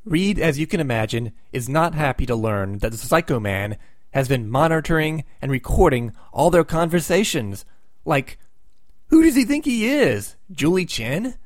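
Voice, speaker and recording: A man's voice: mid-range voice, expressive, normal speed, no echo, studio quality. Sarcastic man recapping comics. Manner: sarcastic, with wry asides. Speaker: comic book recap host. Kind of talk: comic book plot recap.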